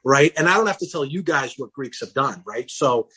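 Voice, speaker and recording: A middle-aged man being interviewed on a casual podcast, telling his story in an animated way and acting out the dialogue he quotes. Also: medium pitch, normal speed, slightly rough. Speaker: guest, campaign founder.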